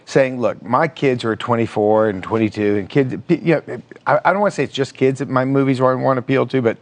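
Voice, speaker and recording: A middle-aged man being interviewed as a guest filmmaker, telling stories with lively acted-out quotes. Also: mid-range voice, fairly quick. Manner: animated storyteller, acts out quotes. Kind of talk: conversational TV interview. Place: TV studio.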